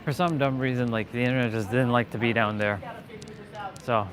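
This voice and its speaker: A man's voice: mid-range voice, steady tone, brisk, a crowd in the background. A young man from Canada chatting casually on a live stream as he walks through a parking lot to his car, rambling with lots of fillers and restarts. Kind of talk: casual live-stream chat while walking.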